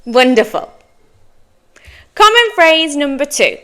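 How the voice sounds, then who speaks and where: A woman teaching English pronunciation, slowly modelling phrases for listeners to repeat. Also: high voice, sing-song, bright, forceful tone. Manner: slow, clear modelling of phrases for repetition.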